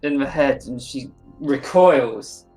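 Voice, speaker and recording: A game master narrating a tabletop game in a slow, laid-back way, swearing now and then. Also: medium pitch, animated, music in the background.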